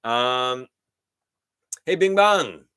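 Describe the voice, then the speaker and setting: A man's voice: mid-range voice, expressive, very slow, bright, forceful tone, clean tone. A middle-aged man hosting a live stream, chatting casually and greeting viewers by name. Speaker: host of a live toy-collecting show.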